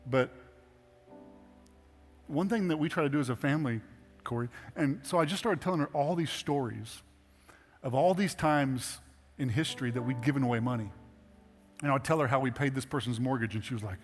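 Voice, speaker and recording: A man's voice: mid-range voice, fairly quick. A middle-aged man preaching a sermon as pastor, talking conversationally and earnestly and building to emphatic exhortations. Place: church sanctuary. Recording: hall reverb with faint music.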